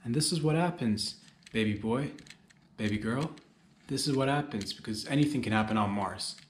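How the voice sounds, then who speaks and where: A man's voice: medium pitch, moderate pace, echoey room, a little hiss or hum. A man hosting a solo comedy podcast, rambling and joking as he talks straight to his listeners.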